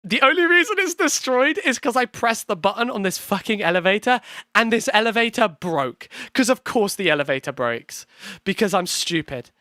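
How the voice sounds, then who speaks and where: Lively London streamer, near Cockney accent. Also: medium pitch, normal speed, dry recording, studio quality. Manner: rambling, swears often, laughs easily. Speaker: streamer and actor in the series. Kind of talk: casual reaction stream.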